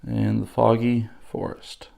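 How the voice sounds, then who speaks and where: A man with a slightly hoarse voice gives a casual, halting unboxing walkthrough, pausing often with fillers. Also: on the low side, flat delivery, noisy background. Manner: unhurried, halting, with many pauses and fillers. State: slightly hoarse from losing his voice. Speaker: board game unboxing host.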